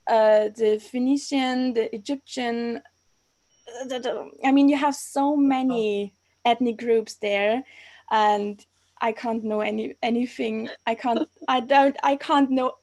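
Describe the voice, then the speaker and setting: A young woman in her twenties with an Austrian German accent, speaking English as a guest in a casual interview. Her voice sits on the higher side. She talks hesitantly, often restarting her sentences while searching for the right English word. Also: fairly even intonation, slow pace, darkish tone. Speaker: guest, archaeology master's student. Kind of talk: casual interview over a live stream.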